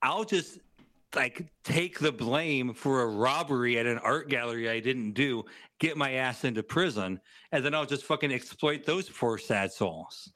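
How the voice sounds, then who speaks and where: A man who is a guest on a podcast, chatting casually about horror movies with a measured, dryly humorous delivery. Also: medium pitch, bright, forceful tone. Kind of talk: casual movie review chat.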